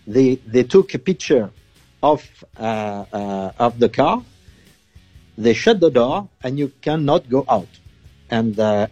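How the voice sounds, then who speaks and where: Male journalist, halting English. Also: medium pitch, warm tone, dry recording, dull audio. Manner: halting non-native English with many fillers. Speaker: journalist guest. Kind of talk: phone interview.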